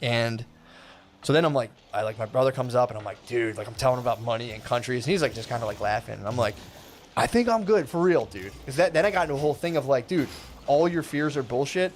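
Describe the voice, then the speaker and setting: A young man with a mid-pitched voice tells a story in a loose, rambling way, dropping filler words and swearing freely. When he quotes people his pitch jumps around. A little room ambience sits faintly behind him. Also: fairly even intonation, fast talker, a little hiss or hum. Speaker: streamer telling a story. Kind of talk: casual storytelling.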